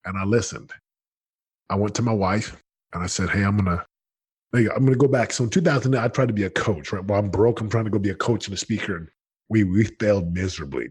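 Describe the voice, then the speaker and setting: A man in his late thirties, a guest in an interview, telling his story in an energetic, emphatic way with lots of slang and restarts. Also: lowish voice, fast, husky. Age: late 30s.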